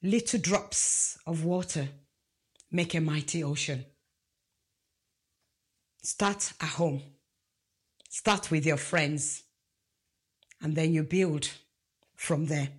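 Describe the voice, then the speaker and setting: A woman's voice: low voice, slow, pauses often, breathy edge. A woman preaching a sermon, emphatic and asking the congregation rhetorical questions.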